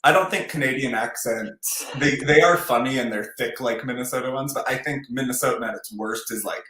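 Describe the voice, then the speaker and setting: A man's voice: medium pitch, a little fast, pushed and bright. Chatty man host in a roomy room. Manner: rambling, filler-heavy, chatty. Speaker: podcast host. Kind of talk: casual interview chat. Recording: roomy echoey sound.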